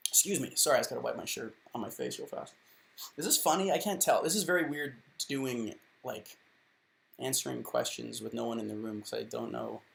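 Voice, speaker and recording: Gravelly man giving rambling advice. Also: medium pitch, a bit bright. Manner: rambling, self-deprecating, lots of "like" and restarts. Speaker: advice column host. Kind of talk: casual advice talk to camera.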